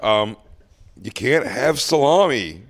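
A man's voice: medium pitch, takes it slowly. A man in his thirties co-hosting a chat show, telling stories and acting out the other voices. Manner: animated, acts out quoted exchanges, laughs often. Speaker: podcast co-host, comedian. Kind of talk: casual chat, storytelling.

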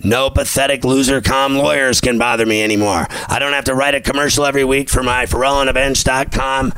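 A loud, boastful man with a smooth, clear voice runs a sports podcast monologue. He brags and threatens jokingly, recorded close and dry with no room sound. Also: medium pitch, level tone, fairly quick, no echo, rough recording. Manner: boastful, loud, mock-tough. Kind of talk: brash comedic monologue.

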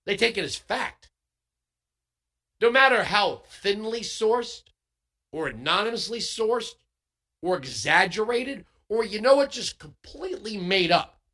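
A talk radio host holds forth in an emphatic, sarcastic monologue, peppering it with rhetorical questions. His voice sits high for a man and swings widely in pitch, with a bright, forceful tone. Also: animated, measured pace.

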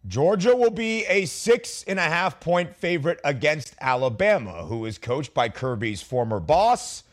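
A man hosting a college football talk show, energetic and opinionated, joking with his co-host. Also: on the high side, a little slow. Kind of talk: sports talk commentary.

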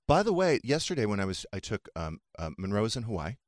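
A middle-aged man hosting a casual podcast chat, telling stories with lively put-on quotes. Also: on the low side, fast talker, no echo, clean studio sound. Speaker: podcast host.

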